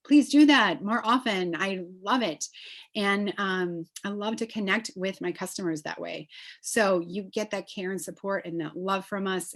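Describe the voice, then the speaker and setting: A woman presenting a live online class, talking enthusiastically and casually with many fillers, heard through a computer mic. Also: mid-range voice. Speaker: essential oils presenter.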